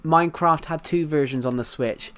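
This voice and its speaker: A man's voice: on the high side, normal speed, fairly bright tone, clear, resonant tone. A British man chatting casually on a live stream while playing, rambling and repeating himself as he answers viewers' chat. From United Kingdom.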